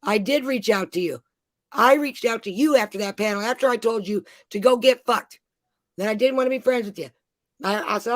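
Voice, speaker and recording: A woman's voice: on the high side, normal speed, dry recording. A woman venting in an angry, profane rant, swearing nearly every sentence.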